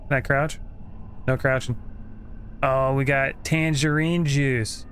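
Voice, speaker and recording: A man's voice: mid-range voice, fairly even intonation, slow, pauses often, a bit bright, slight background noise. A man hosting a gaming channel, giving casual, joking running commentary as he plays. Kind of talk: let's play commentary. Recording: game audio playing behind.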